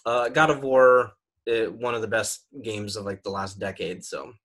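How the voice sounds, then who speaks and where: A young man with a bright, forceful voice chats loosely through a bracket of video games, stopping often on ums and likes. He sounds opinionated and relaxed, like a streamer talking off the cuff. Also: lowish voice, normal speed. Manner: rambling, filler-heavy, opinionated. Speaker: gaming podcaster and streamer. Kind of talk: casual chat.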